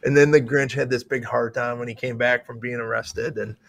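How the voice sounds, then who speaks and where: A middle-aged man with an Upper Midwest accent and a gravelly edge, chatting as a sheriff co-host. He rambles cheerfully and restarts sentences as he goes. The sound is dry and close. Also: medium pitch, steady tone, a little fast, fairly bright tone, no room sound. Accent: Upper Midwest American. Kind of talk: casual chat.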